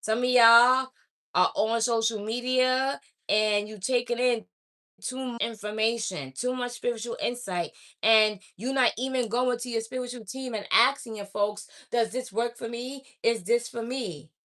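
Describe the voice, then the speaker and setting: Her voice sits a little high, steady and fairly bright, and she speaks a little slowly. Addressing her viewers straight on as an oracle reader, she preaches bluntly, scolds them and goes over her points again and again.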